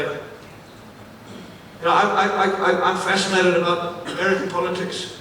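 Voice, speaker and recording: An African man gives a live keynote from the stage of a large event venue, his voice high-pitched, punchy and full of repetition. He speaks at normal speed with lots of energy and keeps asking the audience questions. The mic sits at a distance in an echoey hall, picking up faint ambience and a little hiss or hum.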